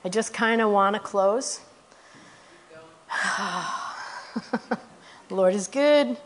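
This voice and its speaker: A middle-aged woman guest preacher telling testimony stories in a sermon, animated and rising to loud exclamations. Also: mid-range voice, very slow.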